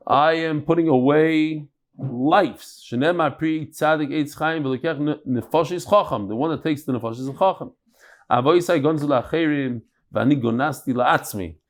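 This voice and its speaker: A man teaching a Talmud class in a lively, chatty lecturing style, mixing in Hebrew and Yiddish terms. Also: fairly high pitch, moderate pace.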